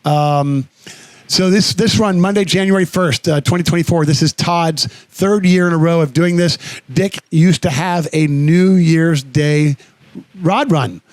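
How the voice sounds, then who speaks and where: Male radio co-host, casual, earnest and rambling, blunt when he swears, fairly high voice, dead-dry studio sound. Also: unhurried, darkish tone, no echo.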